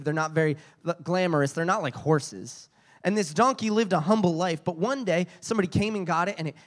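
A man preaching a sermon, telling stories with frequent restarts and repeated words. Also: high voice.

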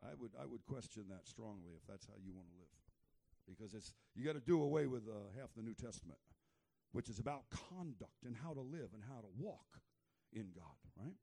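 A man preaching a fervent sermon, moving between loud exhortation and quiet, low asides. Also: lively intonation, a little fast, creaky.

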